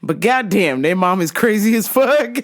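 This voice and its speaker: A woman hosting a casual monologue, blunt and profane, laughing often as she talks. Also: mid-range voice. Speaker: host.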